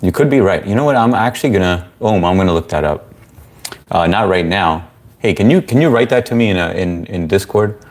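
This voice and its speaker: Young male livestream host, low voice, loose and chatty, reads chat aloud. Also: brisk. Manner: relaxed, chatty, reads viewer comments aloud. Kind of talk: casual live-stream Q&A.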